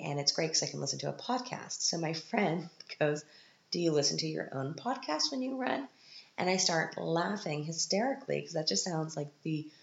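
A woman podcast host telling chatty stories from her week in a casual monologue, animated, with sudden high-pitched quoted reactions. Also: gravelly. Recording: roomy, muffled home recording.

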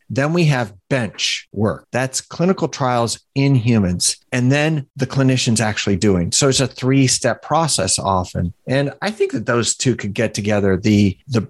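A man's voice: medium pitch, no room sound. A man co-hosting a podcast, explaining research casually and thinking aloud with restarts. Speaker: podcast co-host.

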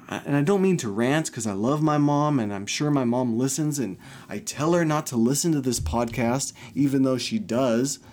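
A man's voice: mid-range voice, darkish tone, slight background noise. A young man hosting a podcast, talking openly and angrily about family troubles, swearing often. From California. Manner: frustrated, ranting, swears often, mimics his mother. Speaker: podcast host. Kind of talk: personal monologue.

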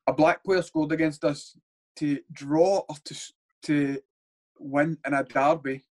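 A Scottish former footballer talks bluntly on a casual podcast, rambling and swearing freely. His voice is on the high side, fairly even in intonation, and a little slow.

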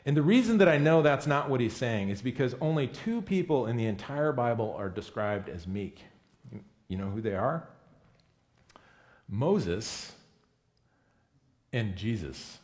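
A man's voice: medium pitch, very animated, measured pace, long pauses, darkish tone. A man preaching a sermon in a conversational, emphatic way, often correcting himself mid-sentence. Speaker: pastor.

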